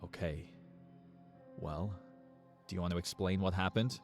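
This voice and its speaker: A man playing a tall, calm security guard with an Australian or New Zealand accent, gently pleading with a young woman. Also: low-pitched, unhurried. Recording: faint music behind.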